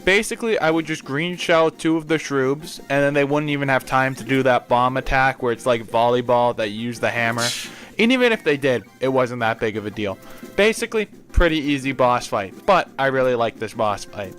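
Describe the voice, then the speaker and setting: A man's voice: medium pitch, expressive, brisk, fairly bright tone, faint music behind. A young man narrating his gameplay in a casual, opinionated way, with crude offhand jokes.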